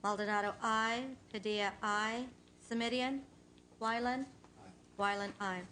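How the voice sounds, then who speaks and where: A woman clerk calling the roll at a committee hearing, brisk and clipped. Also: a little high, little pitch movement, bright, forceful tone, slight background noise. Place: legislative committee hearing room.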